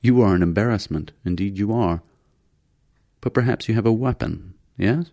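Man doing a low, gravelly alien leader, polite, menacing, audiobook. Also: moderate pace, warm tone, no echo, studio quality. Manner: smooth, courteous and menacing.

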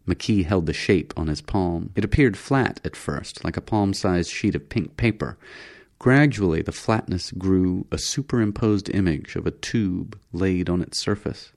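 A man narrating an audiobook story in a measured storytelling manner. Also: low-pitched, a little mellow.

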